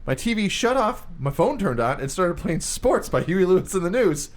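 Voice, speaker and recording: A man's voice: sits high, very animated, normal speed. A man co-hosting a sports podcast, joking around and riffing in goofy voices. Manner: jokey, riffs in silly voices. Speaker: podcast co-host. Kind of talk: casual sports podcast banter.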